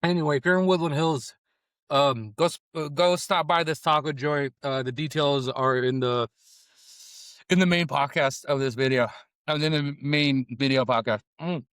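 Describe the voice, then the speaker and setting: A man's voice: on the high side, normal speed, a bit bright, smooth, dry recording. A middle-aged man vlogging casually about tacos, rambling and swearing as he eats and talks through his grief, close to tears. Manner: profane, rambling, shifting between eating noises and sad confession. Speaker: food vlogger and comedian. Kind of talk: casual food review vlog. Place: on camera at a taco restaurant.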